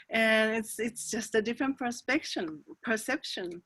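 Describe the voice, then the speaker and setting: A woman speaking as an interview guest, soft and hesitant, with many pauses and fillers. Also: a little high, animated, dry recording. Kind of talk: reflective spiritual interview.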